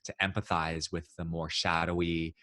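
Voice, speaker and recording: A man as a podcast guest, telling personal stories in an animated, expressive way. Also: deep voice, moderate pace, no room sound, clean studio sound. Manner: animated, expressive, acts out quoted voices. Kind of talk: casual storytelling interview.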